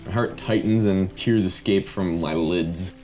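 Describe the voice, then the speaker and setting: A man's voice: low-pitched, unhurried, a little mellow, faint music behind, pitched below the performer's own voice. A man reading aloud as a young female student in a game's first-person narration, earnest and plain.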